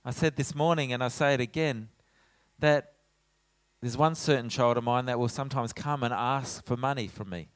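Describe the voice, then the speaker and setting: A middle-aged man preaching a sermon in a church as pastor, animated, acting out his own lines when he tells stories. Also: mid-range voice, normal speed, no room sound. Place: church hall.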